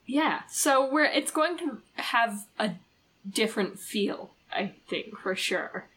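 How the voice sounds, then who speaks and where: Chatty excitable woman podcast host. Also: fairly high pitch, slow, slight background noise. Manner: chatty, excitable, many fillers. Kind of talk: casual podcast chat.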